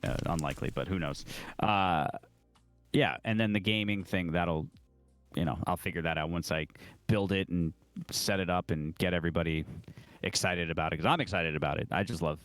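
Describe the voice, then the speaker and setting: A man's voice: sits low, a little fast, fairly bright tone, no room sound, soft background music. A young man, a guest drummer, chatting casually on a live podcast with many fillers and restarts.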